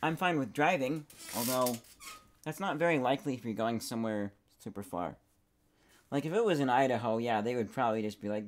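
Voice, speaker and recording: A man's voice: mid-range voice, a little fast. Rambling young man musing while gaming. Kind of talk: casual gaming commentary.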